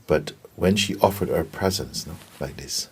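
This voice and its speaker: A man giving a gentle spiritual talk and telling stories, often checking in with his listeners. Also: rumbling low, gravelly, a little hiss or hum. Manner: gentle, unhurried, keeps asking "you see?". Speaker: spiritual teacher.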